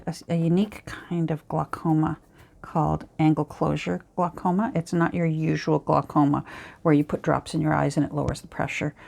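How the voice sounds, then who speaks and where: A middle-aged crafting vlogger with a Canadian accent chatters casually as she works, rambling and chiding herself with lots of ums and sighs. Her voice is low-pitched and darkish, with vocal fry.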